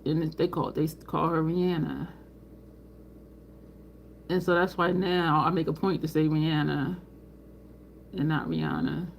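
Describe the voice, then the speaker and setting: Her voice is low with fairly even intonation, coming at a measured pace with long pauses, and there's a little hiss or hum on the recording. She's a middle-aged woman chatting casually through a makeup livestream, answering live chat, laughing frequently and imitating people as she tells stories.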